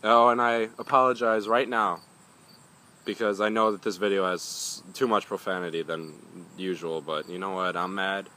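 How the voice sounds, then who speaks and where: Young male vlogger, low and bright, rambling and foul-mouthed, faint crickets outdoors. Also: steady tone, moderate pace, a little hiss or hum. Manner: rambling, swears often, grumbling. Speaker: pepper reviewer. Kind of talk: casual vlog talk.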